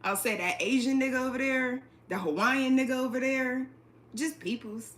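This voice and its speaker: A woman hosting a casual livestream from her apartment, talking straight into a phone or webcam, blunt and profane, laughing quickly and reading the chat aloud. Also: high voice, a bit bright. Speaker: livestream host. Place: indoors at home, an apartment.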